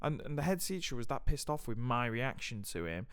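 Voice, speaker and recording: Young British male podcast host, animated and sweary storyteller, resonant mid-pitched voice, dry close sound. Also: brisk, clean tone, no echo. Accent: British English. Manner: animated, swearing, many fillers. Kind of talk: casual storytelling chat.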